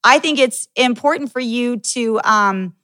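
A woman's voice: fairly high pitch, unhurried, pushed and bright, no room sound. A woman hosting a podcast, chatting candidly with a guest, laughing often and swearing freely. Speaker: podcast host. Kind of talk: casual interview chat.

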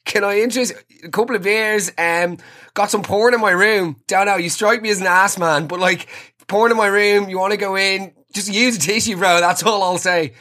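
A man's voice: high-pitched, steady tone, normal speed, bright, forceful tone, pitched above the performer's own voice. A man voicing a fake-macho version of himself, an overeager adult bro with strained, overdone bravado. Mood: forced bravado.

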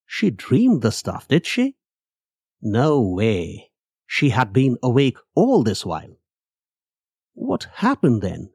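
A man narrating a horror story in a measured, dramatic way. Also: medium pitch, huge pitch swings, a little mellow, slightly rough, dry recording, clean studio sound. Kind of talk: scripted narration.

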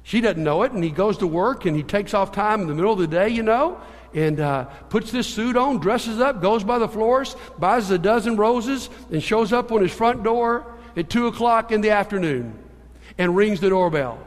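High-voiced man preaching in a hall. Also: normal speed. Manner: animated storyteller, shifting between hushed and emphatic. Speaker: pastor. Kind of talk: sermon with storytelling.

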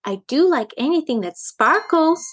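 A woman reading a storybook, voicing an excitable young girl kitten who chatters quickly. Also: sits high, voice pushed up. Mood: excited.

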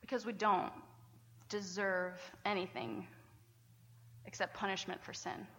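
A woman pastor preaching a sermon in a chatty, animated way, often laughing between points. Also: mid-range voice, measured pace. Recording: reverberant church hall.

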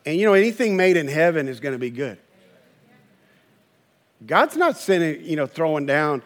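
A man's voice: a little high, sing-song, moderate pace, pauses often. A man preaching a sermon in a conversational way, acting out quoted voices. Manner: conversational preaching, acts out quoted voices, chuckles at own stories. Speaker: pastor.

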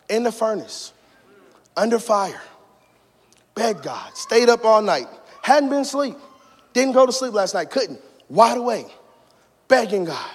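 A man preaching a sermon in a church, moving between shouted passionate peaks and hushed personal storytelling. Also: sits high, expressive, normal speed, long pauses, big-room sound. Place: church sanctuary.

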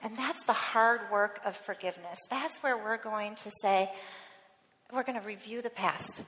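A woman's voice: mid-range voice, moderate pace, a bit bright, slight background noise. A woman in her thirties giving an earnest sermon in a church, telling a story from her family life. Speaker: church speaker. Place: church sanctuary. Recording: long reverb of a large hall.

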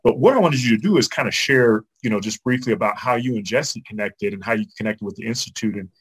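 A man's voice: lowish voice, fast talker, breathy edge, low-quality recording. A man hosting an interview, enthusiastic and loose, with lots of fillers. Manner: enthusiastic, full of fillers like man and you know. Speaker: podcast host.

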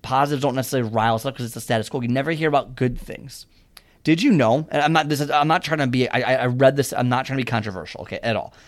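A man's voice: medium pitch, racing. A young man talking casually and earnestly about a fitness mindset, rambling and restarting his sentences as he gives advice. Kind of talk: casual motivational monologue.

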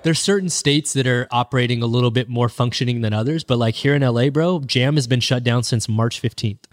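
A man's voice: mid-range voice, a little fast. A man hosting a podcast, chatting in a laid-back way, laughing easily and calling his guest bro. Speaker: podcast host. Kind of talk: casual chat.

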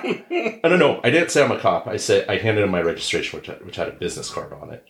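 A middle-aged man with a low, deep voice spins a casual story as a podcast co-host, acting out the people in it. His voice bounces around an echoey room. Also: quick pace, creaky. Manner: animated anecdote teller who acts out others' yelling. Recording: roomy echo.

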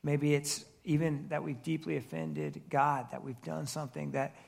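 High, gravelly-voiced pastor preaching. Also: male voice, steady tone, normal speed. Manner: conversational, with repeated restarts and rhetorical questions. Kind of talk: sermon.

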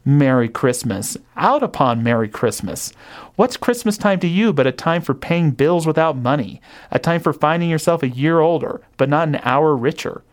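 Old miser read by a man doing the voice, scornful and stern, lifted pitch, read-aloud storybook feel. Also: animated, moderate pace, natural voice. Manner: contemptuous, ranting.

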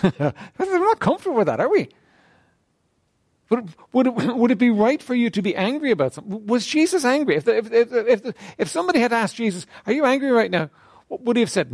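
A man leads a church group in a question-and-answer talk. His voice sits a bit high and swings widely in pitch. The sound is dry and close, with no room echo, and he keeps clearing his throat. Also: very animated, normal speed. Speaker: teacher leading a church group. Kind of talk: interactive talk on faith.

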